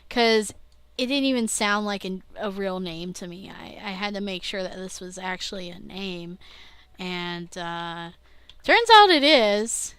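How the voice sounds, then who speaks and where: Brief: young woman, slow unhurried talker, smooth clear voice, self-interrupting video-diary chatter. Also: medium pitch, fairly bright tone, no room sound. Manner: rambling, self-interrupting, laughs at herself, swears casually. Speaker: vlogger. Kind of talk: casual rambling video diary.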